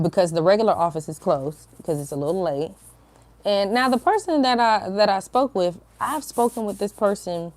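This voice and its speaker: A woman vlogging about faith, retelling a recent phone call in a chatty, animated way, full of slang and stammers. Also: lowish voice, dry recording. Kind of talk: casual spiritual vlog storytelling. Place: home, indoors.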